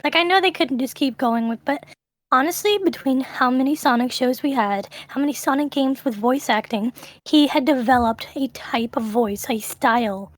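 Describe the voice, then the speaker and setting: A woman's voice: high-pitched, normal speed, no room sound. Emphatic woman interviewer, dry sound. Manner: emphatic, enthusiastic opinions. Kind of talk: casual chat about games.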